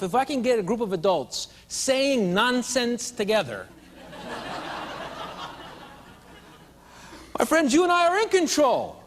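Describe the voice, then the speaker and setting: A man's voice: extremely high pitch, slight background noise. A man training teachers in a live seminar, playful and drawing the adult audience into call-and-response. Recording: long hall reverb.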